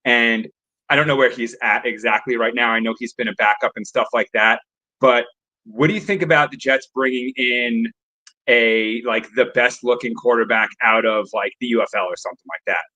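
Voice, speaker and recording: A man's voice: medium pitch, fairly even intonation, normal speed, pushed and bright. A man calling in to a sports talk show, rambling and stumbling over his words. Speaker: caller. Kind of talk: call-in chat.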